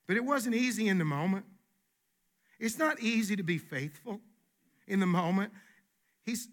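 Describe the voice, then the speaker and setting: A man's voice: sits high, expressive, moderate pace, long pauses. A man preaching a sermon as pastor, emphatic and folksy, repeating his key phrases.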